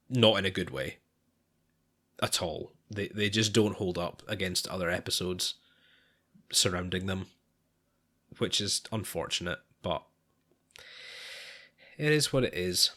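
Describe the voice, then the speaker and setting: A man with a fairly low voice chats casually as a podcast co-host. He hesitates often, restarting his sentences and sighing between thoughts. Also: unhurried, long pauses, pushed and bright. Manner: hesitant, lots of restarts and sighs. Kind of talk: casual chat.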